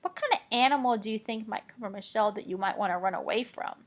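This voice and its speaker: A woman teacher reading a picture book aloud to children, playful and animated, with dramatic gasps and hushed whispered questions. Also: mid-range voice, fast. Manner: drops to whispers when asking questions.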